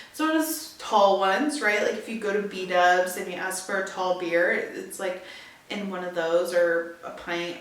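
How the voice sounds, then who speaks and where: A young woman hosts a podcast and chats casually, telling animated stories full of filler words. Her voice is mid-pitched. It sounds distant and echoey, as if she is set back from the mic in a hard room. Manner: chatty, animated storytelling with frequent "like" and "okay?". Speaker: podcast host. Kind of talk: casual solo chat.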